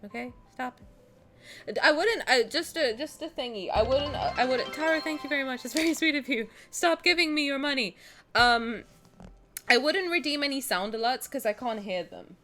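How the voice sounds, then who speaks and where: A woman live-streams her gacha pulls, chatting with viewers, cooing at game characters, shrieking in mock protest and swearing freely in a playful manner. Her high-pitched voice is animated and sharp at normal speed, with soft music in the background.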